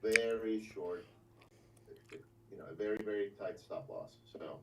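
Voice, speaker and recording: A man's voice: lowish voice, moderate pace, lo-fi sound. A man joining a livestream as a guest trader, stumbling over words and often half-whispering. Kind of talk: casual livestream chat. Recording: roomy, distant mic, faint noise.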